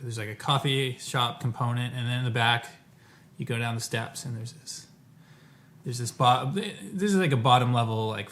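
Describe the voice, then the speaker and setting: A man talks to camera about a trip, in a loose and chatty way. He often stops mid-phrase to correct himself. When he quotes the people he met, his voice jumps up and gets livelier. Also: medium pitch. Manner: rambling, self-correcting, quotes people in animated bursts. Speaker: vlogger telling a travel story. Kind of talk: casual storytelling.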